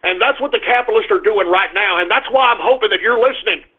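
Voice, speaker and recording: Older male talk radio host, high-pitched, fiery and repetitive, with tinny phone-quality sound. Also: quick pace, slightly rough. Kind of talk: political talk radio monologue.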